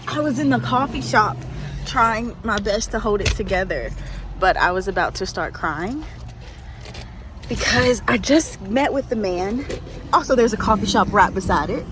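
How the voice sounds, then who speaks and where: A young woman vlogging in casual chat to camera, excitable, breaking into squeals and exclamations. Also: medium pitch, noisy background.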